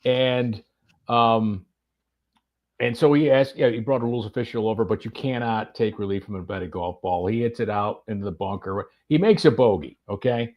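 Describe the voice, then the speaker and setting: Low-voiced man telling a story, lo-fi. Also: normal speed. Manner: animated anecdote-telling with many fillers and restarts. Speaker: golf radio reporter and podcast guest. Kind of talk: casual storytelling chat.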